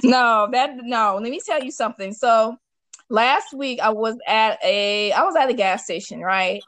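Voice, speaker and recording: A slightly high-voiced woman hosts a casual chat, blunt and animated as she tells her stories. The sound is dry and close. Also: unhurried, no echo, rough recording. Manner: blunt, animated storytelling with profanity. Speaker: podcast host.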